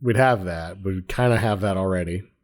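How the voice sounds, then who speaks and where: A man co-hosting a movie podcast, dropping short deadpan jokes into the conversation. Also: deep voice, moderate pace. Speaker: podcast co-host. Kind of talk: casual chat.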